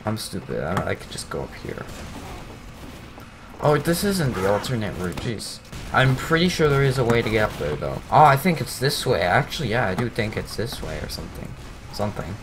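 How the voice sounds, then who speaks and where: A young man giving casual, rambling commentary over his own gameplay, teasing himself and breaking into excited outbursts. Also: fairly low pitch, normal speed, background noise.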